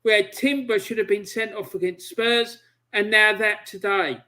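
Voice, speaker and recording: Fuming fan ranting on a call. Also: male voice, high voice, fairly even intonation, normal speed, sharp tone. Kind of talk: heated football fan rant.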